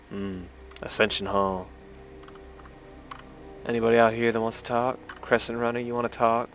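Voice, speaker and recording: A man's voice: lowish voice, monotone, moderate pace, poor audio. A man casually commenting while playing a role-playing game, offhand and sarcastic, with some swearing. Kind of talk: let's play commentary.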